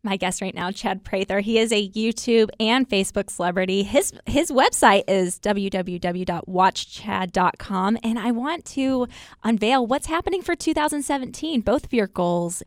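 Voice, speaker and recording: A woman's voice of middle pitch introduces a guest in an even, practiced radio delivery. The studio sound is dry and close to the mic. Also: moderate pace, no room sound. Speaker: radio host. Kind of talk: host introduction.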